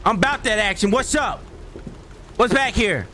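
A man's voice: high-pitched, expressive, normal speed, pushed and bright, a little hiss or hum. A young man streaming a horror game, jumpy and exclaiming as he talks to his chat. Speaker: gaming streamer. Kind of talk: live horror game commentary.

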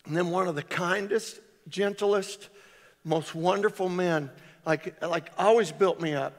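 A man pastor preaching a storytelling sermon, his voice swinging loud on exclamations. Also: high voice, measured pace. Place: large church hall. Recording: reverberant church hall.

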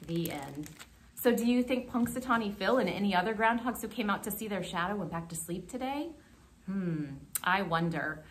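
Woman, young adult, children's librarian, remote storytime, expressive, lively pitch. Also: moderate pace, slight background noise. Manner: animated and expressive.

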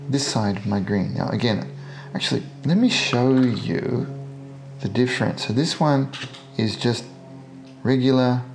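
An Australian man with a gravelly, rough-edged voice narrates a hands-on model painting tutorial. He talks casually as he works and drops in jokey, self-deprecating asides. His pitch sits in an ordinary middle range. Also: unhurried, pauses often, faint music behind.

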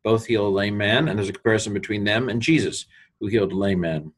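A man teaching a passage of ancient Greek, talking it through informally with many pauses and fillers. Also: on the low side, breathy edge. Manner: halting, many fillers, rises on quoted Greek.

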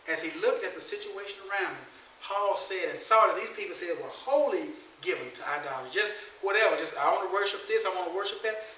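A man's voice: high voice, a little hiss or hum. A man preaching a sermon as pastor, mixing casual colloquial talk with scripture reading and calling out to his congregation. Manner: animated preaching with call-outs to the congregation; casual colloquial speech mixed with King James scripture reading. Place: church sanctuary. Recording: echoey church room, distant mic, faint ambience.

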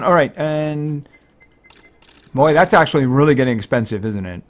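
A man giving casual gameplay commentary, thinking aloud, excitable and fretting over each purchase. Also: on the high side, normal speed. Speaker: let's-play commentator.

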